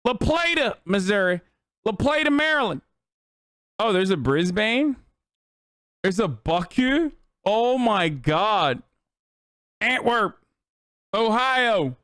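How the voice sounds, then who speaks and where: A man in his thirties, loud and animated as he streams live, swearing freely while he reacts to clips and chat. His voice is smooth and fairly high, recorded close and dry with no room sound. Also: slow, long pauses, no room sound. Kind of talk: casual live-stream commentary.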